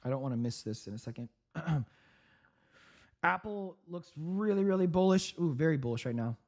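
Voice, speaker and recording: A man hosting a live trading stream, giving upbeat market commentary with frequent laughs, clearing his throat and coughing from a sore throat. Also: fairly high pitch, expressive, moderate pace, darkish tone. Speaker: trading livestream host.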